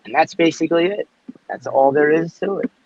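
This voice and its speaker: A man's voice: a little high, brisk, a loud crowd. A man on an online panel, talking bluntly and with plenty of swearing in casual chat. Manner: blunt, profane, laughs at jokes. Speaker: panel guest. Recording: dull, lo-fi call audio.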